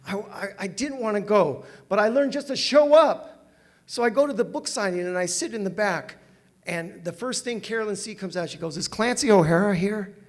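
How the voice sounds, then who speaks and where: Animated high-voiced older man telling stories. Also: moderate pace. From Southern California. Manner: animated, laughs often, self-mocking. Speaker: recovery meeting speaker. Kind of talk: personal storytelling talk. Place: meeting hall with audience.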